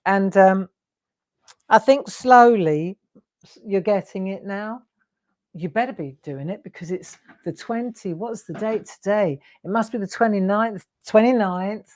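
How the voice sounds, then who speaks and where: A woman's voice: medium pitch, measured pace, a little mellow. A woman hosting a live craft demonstration, chatting and teasing her viewers with frequent laughs. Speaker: craft show host.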